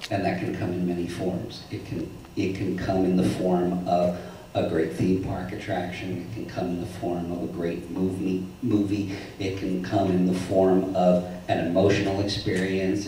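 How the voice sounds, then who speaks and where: A man with a very low, dark voice gives a measured answer on a convention panel. The hall is very echoey, and he is heard from afar. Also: completely flat delivery, slight background noise. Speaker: panel guest. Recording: very echoey hall, far from mic.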